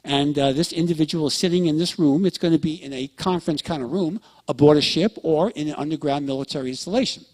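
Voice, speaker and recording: A man's voice: fairly high pitch, fast talker, hardly any pauses, darkish tone. A man giving a lecture to an audience, telling stories and often checking in with listeners. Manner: storytelling, acts out quoted dialogue; addresses listeners with frequent check-ins.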